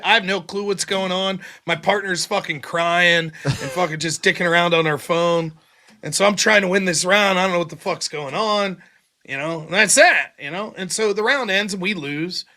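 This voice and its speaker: Man, livestream host, high-pitched, bright tone, casual profane chat. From America. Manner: profane, animated storytelling.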